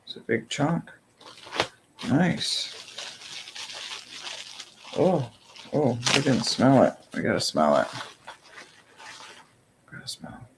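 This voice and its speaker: Slow, gravelly man gushing over an unboxing. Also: mid-range voice, big pitch swings, background noise. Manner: gushing, breathy exclamations, frequent whispered asides. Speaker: vlogger unboxing subscription boxes. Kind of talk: casual unboxing chat.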